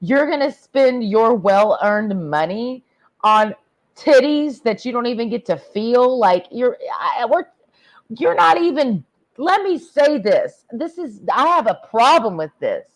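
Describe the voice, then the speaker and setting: Woman, livestreamer, tipsy, crude rambling rant, lively swinging pitch. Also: a little slow. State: tipsy from drinking. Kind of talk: profane ranting livestream monologue.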